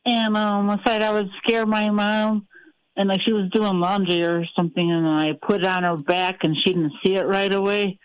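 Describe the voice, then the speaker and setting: A woman calling in to a radio show and telling a quick, rambling story. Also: medium pitch, fairly even intonation, clean tone, poor audio. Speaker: caller. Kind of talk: phone-in anecdote.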